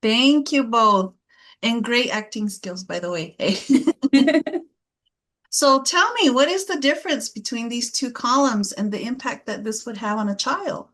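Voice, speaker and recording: A fairly high-voiced woman runs a group workshop on parenting. She calls on volunteers and praises their answers in an encouraging, upbeat way. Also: lively intonation, a little slow, a bit bright. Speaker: parenting class facilitator.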